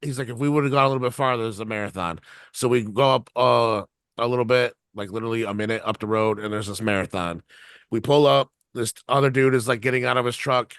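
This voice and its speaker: Speaking quickly in a smooth, slightly bright mid-range voice, this man co-hosts a podcast and laughs through a long, meandering story full of swearing. It's studio quality, with no echo.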